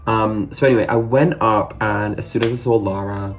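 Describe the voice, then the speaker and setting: A British man in his late twenties telling a story in a casual vlog, excitable and gushing, with lots of "like" fillers. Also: fairly low pitch, normal speed, gravelly. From Britain. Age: 20s. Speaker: vlogger.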